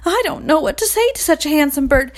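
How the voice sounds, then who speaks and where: A woman's voice: sits high, animated, fast, pitched above the performer's own voice. A woman voicing a small, shy hen in a storybook, timid and unsure of herself. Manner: timid, self-doubting.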